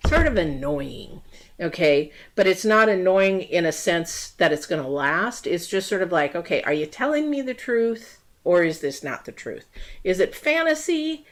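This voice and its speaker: Low-voiced woman giving an astrology reading. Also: animated, moderate pace. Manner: rambling, many ums and restarts; acts out quoted voices in story asides. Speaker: tarot and astrology reader. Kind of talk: casual livestream talk.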